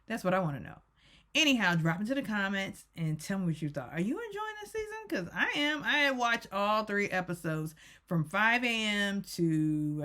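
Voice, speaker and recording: A woman's voice: on the low side, fairly bright tone. A woman vlogger giving a chatty, rant-style recap of a TV show, talking straight to her viewers with teasing asides.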